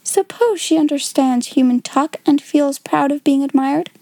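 A woman voicing a gentle, imaginative young girl who speaks softly and wonderingly. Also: high voice, moderate pace, dry recording, voice pushed up. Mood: dreamy.

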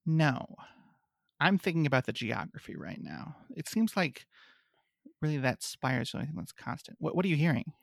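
A man's voice: fairly high pitch, lively intonation, normal speed, vocal fry, no echo, studio quality. A man playing a tabletop role-playing game, asking careful, analytical questions about the game world. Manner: thoughtful, analytical, asks questions. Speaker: player.

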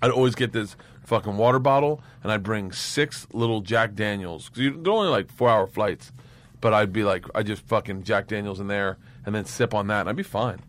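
A comedian guest telling rambling, profane travel stories on a casual podcast, breaking into loud laughter. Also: male voice, lowish voice, brisk.

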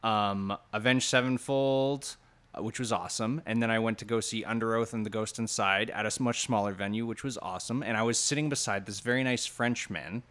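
A man's voice: lowish voice, brisk. A man co-hosting a casual chat podcast, telling stories with laughter. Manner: animated storyteller, laughs often. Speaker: podcast co-host.

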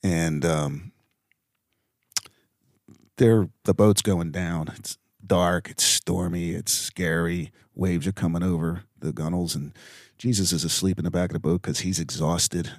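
A middle-aged man hosting a reflective faith podcast, speaking earnestly and haltingly with many fillers. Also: deep voice, steady tone, no echo, clean studio sound. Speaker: podcast host.

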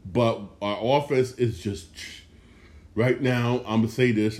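A man's voice: medium pitch, steady tone, unhurried, a little mellow. A man hosting a sports podcast, ranting in a frustrated, heated way, cursing and repeating himself. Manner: profane. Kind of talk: casual sports rant.

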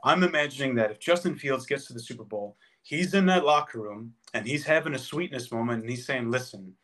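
A man's voice: mid-range voice, a little fast, a bit bright. A man co-hosting a podcast, making his case in a casual sports debate with passion and emphasis. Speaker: podcast co-host.

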